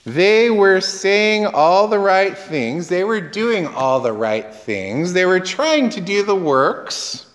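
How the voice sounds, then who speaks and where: A man's voice: high-pitched, animated, takes it slowly, hardly any pauses, a bit bright, long reverb tail. A man preaching a sermon as pastor, conversational, quizzing the congregation and acting out quoted dialogue.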